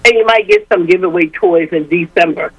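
A woman's voice: lowish voice, a little fast, slightly rough, no echo, low-quality recording. Older woman, radio guest, emphatic, repetitive, dry close sound. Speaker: guest, education advocate. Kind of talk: radio interview.

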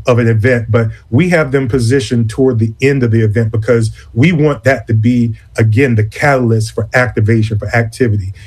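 A man's voice: mid-range voice, darkish tone, husky. Earnest man organizer in an interview. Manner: deliberate, restarts phrases often. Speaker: executive director of an advocacy conference. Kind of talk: interview conversation.

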